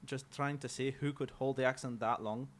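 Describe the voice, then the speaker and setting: A man with an English accent, a guest chatting casually on a talk show in a relaxed, playful way with frequent hesitations. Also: medium pitch, normal speed. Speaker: studio guest.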